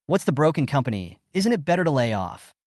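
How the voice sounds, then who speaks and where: A man's voice: a little high, sing-song, quick pace, a little mellow, dry recording, clean studio sound. A man voicing a cold, aloof young billionaire who speaks in short, curt lines. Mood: patient.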